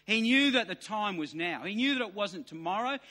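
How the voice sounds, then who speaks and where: A man in his fifties delivers a sermon in a very high, bright voice. He repeats his key lines with rising emphasis and sometimes pushes them to near shouts. The long reverb of a large hall trails every phrase. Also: animated, normal speed. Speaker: preacher.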